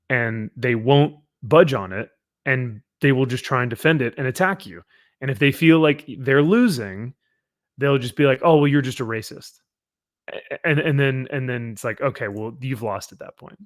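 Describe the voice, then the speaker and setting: A man hosting a relaxed talk show, chatting at an ordinary pitch. He talks loosely, with plenty of fillers and frequent laughs. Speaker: podcast host. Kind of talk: casual chat.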